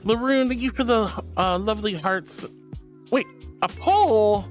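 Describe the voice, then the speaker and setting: A woman streaming live on a headset mic, chatting casually and reading chat aloud in a playful, animated, teasingly indignant way. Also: mid-range voice, unhurried, soft background music.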